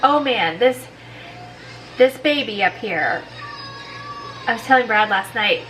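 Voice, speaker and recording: A woman's voice: fairly high pitch, animated, slow pace, fairly bright tone, soft background music, poor audio. Congested, feverish woman vlogging. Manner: tired, rambling, many likes and restarts. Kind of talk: casual vlog chat.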